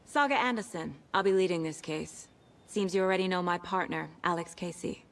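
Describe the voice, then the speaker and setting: An actress playing a calm, methodical female FBI agent in a game, speaking directly. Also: lowish voice, brisk, close to an everyday voice. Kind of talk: game dialogue and inner monologue.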